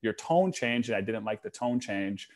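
Animated man telling stories on a podcast. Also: fairly low pitch, normal speed. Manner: animated storytelling, acts out quotes. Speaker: podcast host. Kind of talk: casual conversation.

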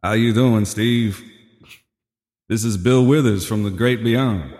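Man doing soul-singer ghost from the afterlife, drawling, laid-back, a bit low. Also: takes it slowly, darkish tone, in a large hall. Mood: teasing.

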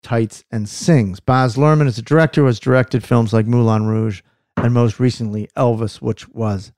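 A man's voice: medium pitch, fairly even intonation, normal speed, a little mellow, no room sound. A man hosting a casual podcast chat, dry and stubborn in his banter. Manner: dry, stubborn, rejecting picks. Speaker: podcast host.

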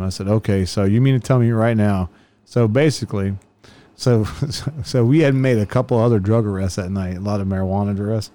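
A man telling police stories in casual chat, swearing constantly and laughing often. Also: lowish voice. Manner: profane, laughing often, animated when quoting. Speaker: law enforcement officer telling stories.

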